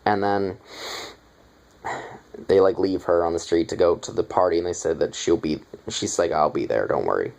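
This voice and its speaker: A man's voice: sits low, steady tone, moderate pace, pauses often, a little mellow, rough recording. A young man casually retelling a movie's plot in a review, rambling with lots of fillers and offhand asides.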